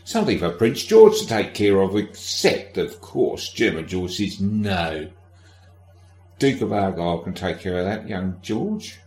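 A man with a notably low voice hosts a history podcast, recorded in a room with plenty of echo. He is irreverent and sardonic, swearing casually as he talks. He addresses the listener directly in a loose, chatty way. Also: big pitch swings, unhurried, a little mellow. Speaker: podcast host.

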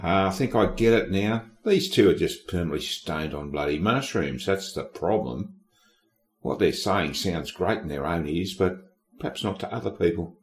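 A man with a notably low voice hosts a history podcast, recorded in a room with plenty of echo. He is irreverent and sardonic, swearing casually as he talks. He addresses the listener directly in a loose, chatty way. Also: lively intonation, normal speed. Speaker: podcast host.

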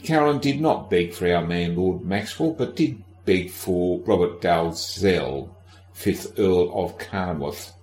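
A man's voice: sits low, lively intonation, slow pace, a little mellow, roomy sound. A man hosting a casual history podcast, sardonic and irreverent, swearing freely and talking straight to the listener. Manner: addresses the listener directly. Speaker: podcast host.

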